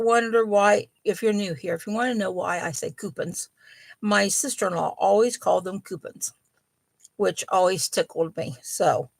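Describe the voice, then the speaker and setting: A woman's voice: lowish voice, gravelly, no echo. A middle-aged woman hosting a casual live chat from home about yarn, talking in a rambling way with many ums and apologies. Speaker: host of a yarn and crochet channel.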